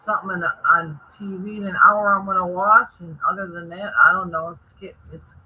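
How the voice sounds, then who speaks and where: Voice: medium pitch, steady tone, a little fast, muffled recording, a little hiss or hum. A laid-back chat partner giving short, easygoing replies in a casual conversation.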